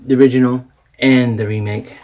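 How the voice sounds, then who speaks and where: A man's voice: mid-range voice, steady tone, a little fast, noisy background. A man talking casually at home, rambling about films he has watched, chatty and self-deprecating. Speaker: vlogger. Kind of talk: casual chat about movies.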